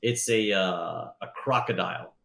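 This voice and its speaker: A man's voice: fairly low pitch, unhurried, vocal fry, sharp tone. A man narrating as game master in a tabletop game, rambling with lots of fillers. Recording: roomy echo.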